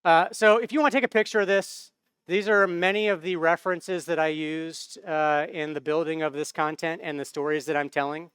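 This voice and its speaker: A man's voice: on the high side, fairly even intonation, fairly quick, fairly bright tone, clear, resonant tone, dry recording. An American man giving a conference talk on stage into a microphone, in a casual, conversational way with frequent tag questions. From United States. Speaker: conference speaker.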